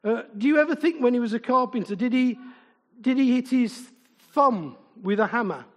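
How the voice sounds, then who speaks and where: The very high voice of a middle-aged preacher, lively in intonation and at a moderate pace, echoes long through a large hall, with the high frequencies cut off. His conversational sermon is informal, peppered with repeated questions for the congregation and funny anecdotes about himself.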